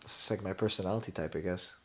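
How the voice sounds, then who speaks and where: A man's voice: deep voice, racing, a bit bright, faint music behind. A young man with a Canadian accent hosts a live watch party, chatting casually, reading viewer comments and laughing often.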